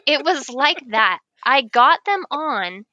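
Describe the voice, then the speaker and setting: A woman with a bright, fairly high voice tells a story in an easy, chatty way. She laughs often and acts out the lines of the people in the story. The sound is close and dry, with no room echo. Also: slow, highs cut off. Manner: animated, laughing often, acting out quoted voices. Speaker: guest writer. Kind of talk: casual storytelling chat.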